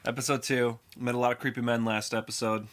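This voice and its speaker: A man co-hosting a casual reaction show, joking and rambling with excitable jumps in pitch. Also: fast. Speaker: co-host of a reaction channel.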